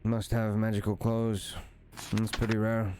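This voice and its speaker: A man's voice: fairly low pitch, completely flat delivery, unhurried, background noise, lightly acted. Man voicing a terse lizard folk hunter. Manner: terse, clipped sentences. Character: male lizard folk hunter, gruff and blunt.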